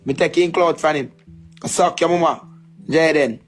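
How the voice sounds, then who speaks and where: A man's voice: a little high, normal speed, over music. A Jamaican man doing brash, mocking commentary in patois, repeating himself as he goes.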